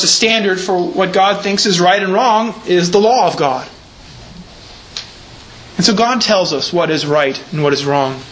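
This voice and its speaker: A man's voice: high-pitched, fairly bright tone, a little hiss or hum, poor audio. A man preaching a sermon in a church, explaining scripture carefully and leaning hard on repeated words for emphasis. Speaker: pastor.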